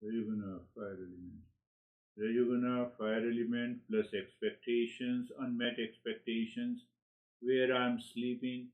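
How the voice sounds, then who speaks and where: A man teaching a spiritual lesson in an animated, searching way. He repeats words like "you, you" as he reaches for the next thought. His voice sits at an ordinary middle pitch for a man. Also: phone-quality sound. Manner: animated, acts out inner dialogues with sudden laughs. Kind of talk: spiritual lecture to seekers.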